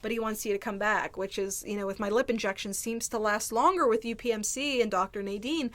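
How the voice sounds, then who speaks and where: A woman's voice: mid-range voice, fairly quick, fairly bright tone. A woman telling a candid storytime to camera in casual chat, rambling and peppered with "like". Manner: candid, rambling, heavy use of "like". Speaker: vlogger. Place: indoors, seated at home.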